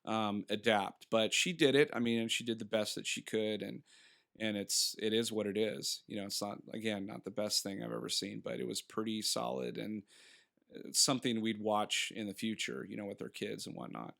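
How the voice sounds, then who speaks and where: A man with a gravelly, bright and forceful voice, chatting casually in a rambling way as a podcast co-host. He laughs often and slips into quick impressions as he talks. He sounds to be in his thirties. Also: fairly low pitch, steady tone. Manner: rambling, laughing, acting out characters. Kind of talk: casual film review chat.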